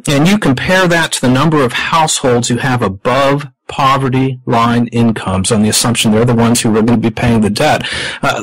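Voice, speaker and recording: A man speaks as a podcast guest in a husky voice with a dry, close sound. He explains at a measured pace and keeps putting rhetorical questions to the host. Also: medium pitch, fairly bright tone, no echo, poor audio. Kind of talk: explanatory interview talk.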